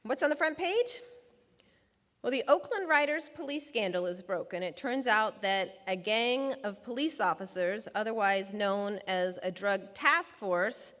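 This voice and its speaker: A woman's voice: mid-range voice, lively intonation, unhurried, a bit bright. A woman telling a personal story from her time as a lawyer in a public talk, vividly acting out the dialogue she quotes. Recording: long hall reverb.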